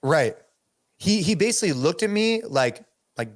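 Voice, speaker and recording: Animated man telling a story, casual. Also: a little high, normal speed, dry recording. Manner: animated storyteller, lots of "dude" and "like". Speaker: podcast host. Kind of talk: casual podcast chat.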